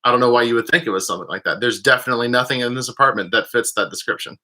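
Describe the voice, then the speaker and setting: A man's voice: medium pitch, racing, bright, forceful tone. A young man hosting a casual video, joking and rambling. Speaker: host. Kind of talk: casual chat.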